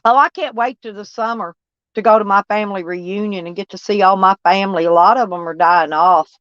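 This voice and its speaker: Talking briskly in a mid-range, slightly bright voice, this Southern American vlogger rambles through her livestream, reading chat and calling out viewers by name. The recording sounds dull, lo-fi, and dry, without echo.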